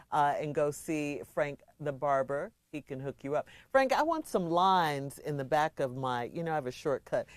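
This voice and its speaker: A middle-aged woman from Chicago hosts a radio advice segment in a fairly low voice. She chats playfully and reads listener letters in an easygoing way. The studio sound is close and dry. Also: darkish tone, no echo. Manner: chatty, laughing, playful asides. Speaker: radio co-host giving advice. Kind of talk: casual radio chat, reading listener shout-outs and a letter. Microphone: studio microphone.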